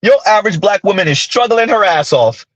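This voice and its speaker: A man's voice: sits high, expressive, fairly quick, fairly bright tone, dry recording, muffled recording. A millennial man in his thirties hosting a casual commentary monologue, ranting with sarcastic asides. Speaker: commentary channel host.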